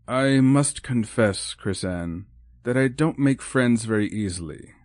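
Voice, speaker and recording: A man's voice: mid-range voice, lively intonation, measured pace, darkish tone, no echo, clean studio sound, voice pushed up, natural voice. A man voicing a lonely, proper older woman in an audiobook, formal and hesitant in speech. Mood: wistful, formal. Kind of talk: audiobook character voice.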